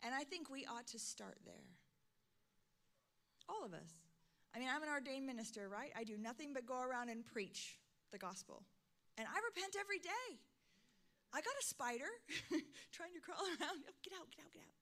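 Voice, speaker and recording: A middle-aged woman pastor preaching a sermon, swinging from soft, intimate lines to loud, emphatic calls. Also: high voice, animated, normal speed, long pauses.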